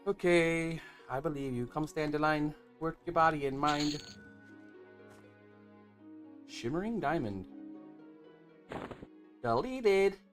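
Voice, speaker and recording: A man's voice: fairly high pitch, animated, slow pace, pauses often, faint music behind. A man streaming a game, muttering casual commentary while sorting his items. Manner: mumbled, offhand remarks while sorting items.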